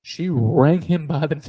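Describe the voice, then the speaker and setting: A middle-aged man co-hosts a podcast in a high-pitched, mellow, slightly rough voice, recorded dry. In casual chat he rambles through stories, laughing often and mimicking noises.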